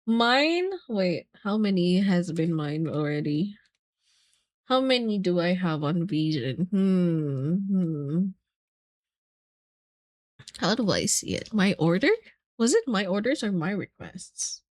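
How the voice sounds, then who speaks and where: Giggly young woman streamer, slow and gushing. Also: fairly low pitch, no room sound. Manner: giggly, squealing, gushing with excitement. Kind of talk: casual stream chat.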